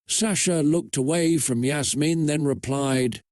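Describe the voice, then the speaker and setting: A man reads a fan story aloud in a flat, steady voice. He speaks slowly and his voice sits a bit high for a man. The sound is close and dry. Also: dry recording. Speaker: narrator.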